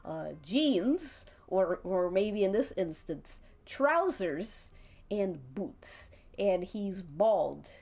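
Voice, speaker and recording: Woman streamer running an interactive story for chat, giggly and unhurried, voice swooping up and down. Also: on the low side, gravelly. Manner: giggly, often breaks off laughing and restarts.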